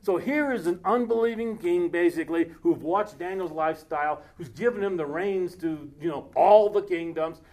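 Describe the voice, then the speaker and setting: A man preaching a casual sermon, reading scripture aloud slowly and breaking off into joking asides. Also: high-pitched, a little mellow.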